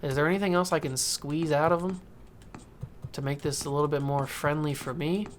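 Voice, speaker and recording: A man's voice: fairly high pitch, fairly even intonation, brisk, a little hiss or hum. A man casually commenting while playing a baseball video game, talking to himself and coaxing the game. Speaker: gaming YouTuber. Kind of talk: casual let's-play commentary.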